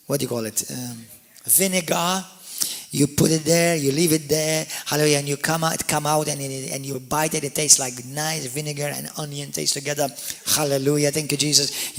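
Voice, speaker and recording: A man preaching a sermon, swinging from quiet explanation to loud calls with frequent hallelujahs and amens. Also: a little high. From Malta. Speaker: pastor.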